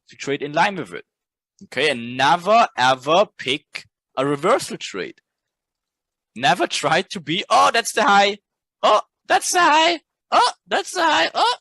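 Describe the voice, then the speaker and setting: A man's voice: fairly high pitch, fairly bright tone, no room sound. A man teaching a trading course in a casual lecture. He talks bluntly, swears freely, and keeps checking in with "right?".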